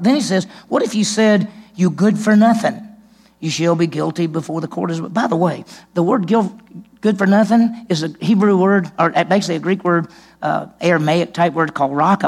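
A man, a senior pastor, preaching a sermon with animated delivery, his voice rising for emphasis and dropping low. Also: vocal fry, breathy edge.

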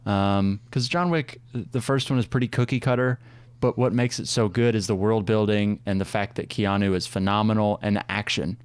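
A man's voice: lowish voice, steady tone, moderate pace, clean tone, no room sound. A young man co-hosting a casual movie review chat, talking enthusiastically with many fillers.

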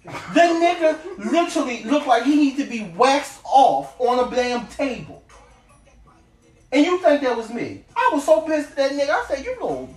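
A woman telling a story in casual chat, profane and animated, trading mock insults about an ex. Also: high voice, moderate pace, roomy sound, soft background music.

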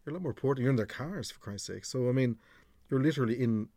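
A middle-aged Irish radio presenter tells stories in a frank, chatty manner, swearing freely, in what sounds like a podcast conversation. His voice sits at medium pitch and moves at a quick pace, with a crowd audible behind him.

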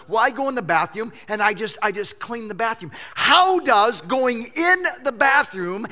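Bright, lively-voiced male pastor. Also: extremely high pitch, normal speed, few pauses. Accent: Southern US. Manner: animated storytelling with jokes. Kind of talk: sermon.

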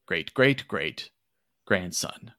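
A man's voice: sits low, animated, extremely slow, fairly bright tone, no room sound, studio quality, full character voice. A man voicing a nervous, fussy professor who stammers and speaks formally. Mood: flustered.

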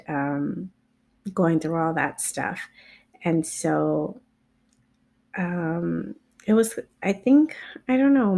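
Woman, personal storytelling, candid and blunt, lowish voice, gravelly fry. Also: a little mellow. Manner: candid, halting and blunt, with frequent swearing.

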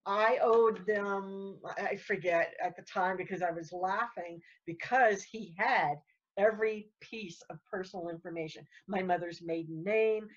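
A woman's voice: mid-range voice, lo-fi sound. A woman guest telling her story in casual chat, rambling and repeating words. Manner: rambling, repeats words, talks fast when worked up.

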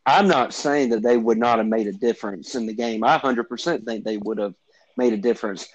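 A man co-hosting a sports podcast, making his points in a measured, hedging way with many fillers. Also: medium pitch, no echo, highs cut off. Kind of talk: sports debate.

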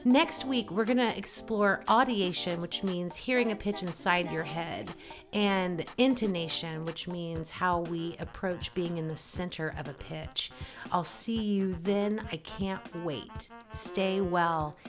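A woman, the host of the show, leading a guided vocal warm-up lesson with calm, encouraging instructions. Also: lowish voice, takes it slowly, over music. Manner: calm, encouraging instruction with cues to body awareness. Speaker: voice teacher and podcast host.

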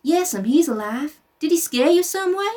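Woman voicing a little schoolboy, put-on Southern American accent, gentle, soothing, high, heard from a distance. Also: lively intonation, moderate pace. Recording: voice a bit far from the mic.

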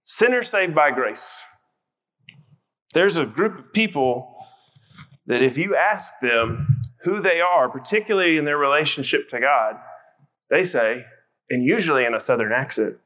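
A man's voice: fairly high pitch, animated, unhurried, long pauses, a bit bright. A man preaching a sermon in a conversational, emphatic way, calling on his congregation to answer. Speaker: pastor.

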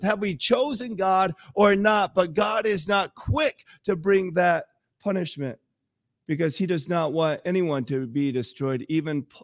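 Conversational male preacher, high voice. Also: no room sound, clean studio sound. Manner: conversational, acts out quoted voices. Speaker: pastor. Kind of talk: sermon.

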